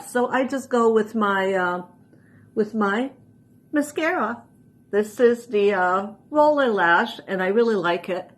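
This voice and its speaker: A woman's voice: medium pitch, fairly bright tone. A woman in her sixties hosting a casual makeup show, talking through each step as she goes. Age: 60s. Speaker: show host doing a makeup tutorial. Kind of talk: casual makeup demonstration chat.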